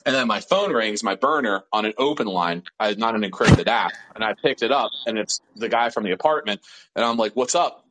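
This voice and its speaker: Low-voiced man telling a story. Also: fairly quick, very noisy. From Pittsburgh. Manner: profane, animated storytelling with many fillers. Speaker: interview guest. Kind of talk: casual storytelling.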